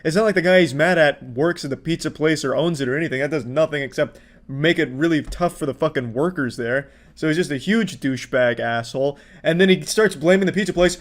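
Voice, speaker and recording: A man's voice: on the high side, brisk. A man giving sarcastic, profane reaction commentary on video clips, mocking the people in them.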